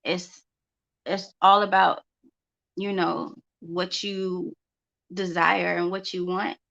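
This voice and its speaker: A woman with a gravelly, fry-edged voice talks casually as a homeschooling mother on her vlog. She circles back to her phrases to drive them home. The sound is dull and lo-fi. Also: fairly low pitch, flat delivery, slow, fairly bright tone. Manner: conversational, repeats phrases for emphasis. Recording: dull lo-fi recording.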